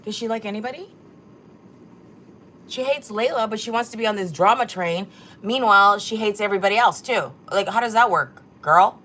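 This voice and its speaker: A woman's voice: medium pitch, normal speed, a bit bright, a little hiss or hum. A woman hosting a casual livestream, reading chat comments aloud and mocking them with plenty of swearing. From Korea. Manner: sassy, mocking, swears a lot. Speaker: livestream host.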